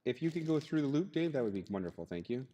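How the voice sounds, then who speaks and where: A man runs a live radio-controlled car race over the loudspeaker, chatting and politely apologizing to the drivers. His voice rings out with long reverb through a large indoor hall. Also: medium pitch, sing-song, fast, highs cut off. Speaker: race director and announcer. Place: indoor RC race track in a hobby shop.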